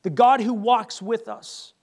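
A male pastor preaching a sermon, retelling Bible stories with lively acted-out voices. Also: high voice, takes it slowly. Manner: animated storytelling, acts out Bible characters.

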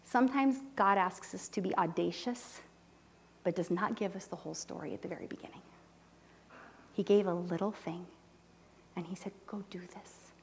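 A woman telling a mission story in a sermon, animated and emotional, dropping to near-whispers when moved. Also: on the low side, normal speed, gravelly, slightly rough. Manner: animated storytelling, voices quoted people, drops to soft near-whispers; emotional, close to tears. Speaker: church speaker reporting on mission trip. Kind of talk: sermon testimony.

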